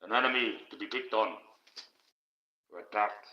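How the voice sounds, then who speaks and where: A man preaches on a livestream in a put-on voice, declaiming every point. His tone is very bright and forceful. The sound is dull and lo-fi. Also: lowish voice, normal speed. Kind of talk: preaching livestream monologue in character.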